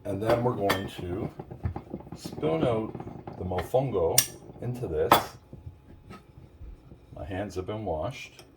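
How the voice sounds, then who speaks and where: Speaking slowly and expressively with long pauses, a fairly low-voiced man from Puerto Rico hosts a casual home cooking video, addressing viewers as "folks." Heavy background noise mixes with the distinct clatter of dishes and utensils.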